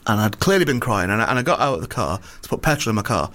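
Brief: male comedian, quick, animated storytelling with plenty of swearing. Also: lowish voice. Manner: animated storyteller, swears freely, acts out quoted voices. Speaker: comedian and podcast host. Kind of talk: casual chat, anecdotes.

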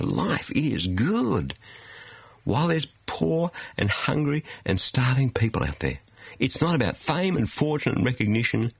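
Male preacher, husky voice, animated sweeping pitch, emphatic delivery with pauses, studio sermon. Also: dry recording. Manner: emphatic, rhetorical questions, dramatic pauses.

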